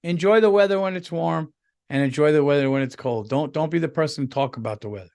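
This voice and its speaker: This podcast host's voice is fairly high yet smooth and darkish, and he talks fast. Recorded on camera with a podcast mic, he rambles through a casual comic monologue full of cursing and restarts.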